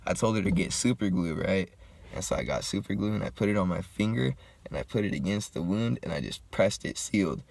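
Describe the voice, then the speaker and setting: A young man telling a story in a laid-back, slangy, profane way while getting high and smoking. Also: expressive, a little fast, vocal fry, darkish tone. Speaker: vlogger. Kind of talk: casual storytime.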